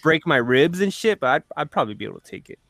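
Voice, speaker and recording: A man's voice: a little high, very animated, fast, creaky, fairly bright tone, no room sound, studio quality. A young man co-hosting a podcast, chatting casually, laughing often and saying "bro" constantly. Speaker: podcast co-host. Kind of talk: casual chat.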